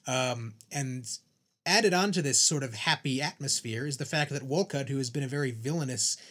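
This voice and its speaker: A man's voice: mid-range voice, normal speed, a bit bright, husky. A man co-hosting a podcast, talking through a TV series thoughtfully and often restarting his sentences. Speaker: podcast co-host. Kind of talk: casual chat.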